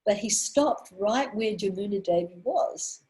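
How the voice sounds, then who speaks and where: A woman in her sixties giving a spiritual talk, telling earnest stories with pauses and restarts. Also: medium pitch, animated, mellow, poor audio. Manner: earnest storyteller, pausing on fillers and restarts. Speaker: women's minister giving a talk.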